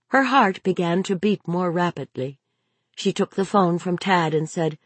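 A woman narrating a novel as an audiobook, in a measured, expressive storytelling manner. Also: fairly low pitch, husky, no room sound. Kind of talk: scripted narration.

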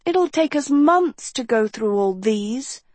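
A woman voicing a sweet, eager young girl student with a bright, coaxing lilt in an audiobook. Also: a little high, lively intonation, slow pace, no echo, voice pushed up.

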